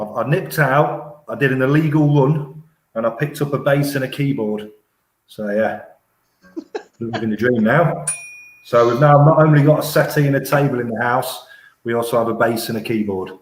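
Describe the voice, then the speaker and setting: A man's voice: medium pitch, normal speed. Easygoing man in an echoey room. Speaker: band member on a live stream. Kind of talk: casual chat. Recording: roomy echo with faint noise.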